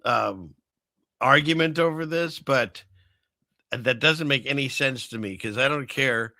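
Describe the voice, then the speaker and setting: A man hosting a casual commentary show who rambles and drops sarcastic asides between chuckles. His voice is bright and forward, recorded dry and close. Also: mid-range voice, unhurried, dry recording. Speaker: host.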